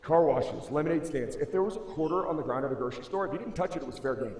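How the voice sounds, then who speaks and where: 20s guy pumping up a school assembly, says bro and dude a lot, goes loud then quiet, echoey gym sound. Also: on the high side, rapid-fire. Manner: casual and slangy, calls listeners bro and dude; emphatic, swings between loud and hushed. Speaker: motivational speaker. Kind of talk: motivational school assembly speech. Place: large school assembly hall. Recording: echoey hall, long reverb.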